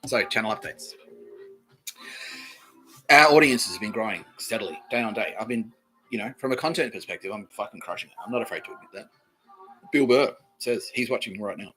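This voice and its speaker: A man's voice: on the low side, expressive, a little fast, pauses often, a bit bright, faint music behind, poor audio. A man with an Australian accent hosting a solo comedy podcast, rambling in a profane, boastful way and laughing at his own jokes. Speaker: podcast host.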